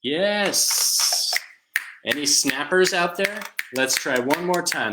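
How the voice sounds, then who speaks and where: A man leading a live online music class for young children at home, chanting and singing in a slow call-and-response style. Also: fairly high pitch, animated, heavy background noise. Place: home room.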